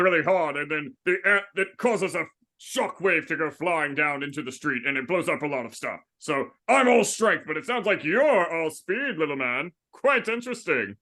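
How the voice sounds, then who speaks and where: Brief: man playing a hearty muscle-bound hero, big theatrical delivery, lively pitch swings. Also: normal speed. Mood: proud. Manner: booming, theatrical. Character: mighty muscular male superhero, cheerful.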